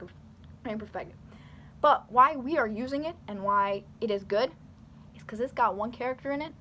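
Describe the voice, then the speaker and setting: With a slightly high, fairly bright voice and a little background noise, a young woman gives casual commentary straight to camera. The YouTuber gestures as she talks, rambling with lots of fillers and restarts.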